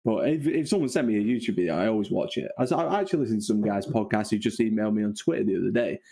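A man's voice: fairly low pitch, very fast, creaky, warm tone, husky. A man in his thirties with a Mancunian accent, chatting casually on a podcast, laughing often and poking fun at himself. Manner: laughs often, self-deprecating. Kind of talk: casual chat.

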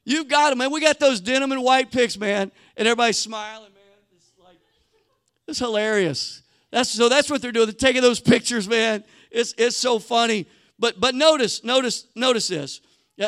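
A male pastor delivering a sermon in an animated, conversational storytelling style, often restarting his sentences. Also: sits high, normal speed, smooth, dry recording, clean studio sound.

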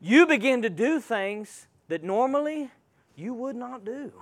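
A man's voice: extremely high pitch, expressive, unhurried. A man preaching a sermon, emphatic and calling out to the congregation.

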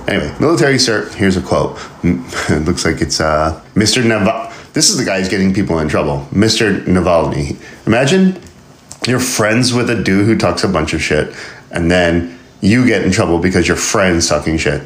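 A man's voice: sits low, expressive, moderate pace. A man hosting a casual podcast, reading news aloud and riffing on it in a rambling, joking way with frequent laughs. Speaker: podcast host. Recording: roomy echo.

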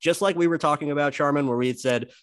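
A man co-hosting a sports podcast, breaking down football technique in emphatic, animated casual chat. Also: on the high side, fast, dry recording.

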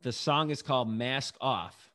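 A man with a middle-pitched voice hosts a relaxed lyric quiz at home with a friend. He reads the lines and the answer choices aloud and laughs easily along the way. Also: measured pace. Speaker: quiz host. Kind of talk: casual game chat.

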